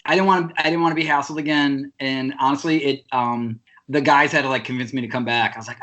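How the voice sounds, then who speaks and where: A man, a podcast guest, telling a story in casual chat. He talks with many fillers and jumps up in pitch when he gets indignant. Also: steady tone, brisk, hardly any pauses, bright, forceful tone, highs cut off.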